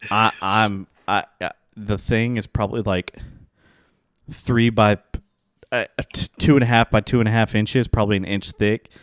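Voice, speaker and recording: Low-ish guy hosting a podcast, rambly and hyped, dry close mic. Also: moderate pace, dry recording. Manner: energetic, rambling with restarts. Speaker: podcast host. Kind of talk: casual chat.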